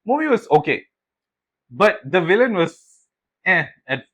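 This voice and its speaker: A young man with a slightly high voice, chatting casually on a podcast. He tells his stories with lots of energy, acting out what everyone said and dropping swear words along the way. His delivery feels loose and unscripted. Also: a little slow, poor audio. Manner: animated storytelling, swears, acts out quotes. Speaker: podcast co-host. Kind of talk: casual chat.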